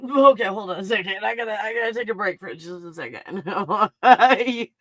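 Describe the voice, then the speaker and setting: A livestream host talking through an excited monologue, thinking aloud, bursting into exclamations and swearing under the breath. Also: mid-range voice, moderate pace, dry recording. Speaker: live stream host.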